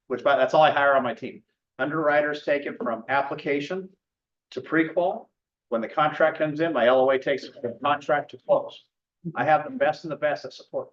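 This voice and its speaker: A man, a loan officer, giving a blunt, brash sales talk to a meeting and telling stories. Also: medium pitch. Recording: muffled lo-fi sound.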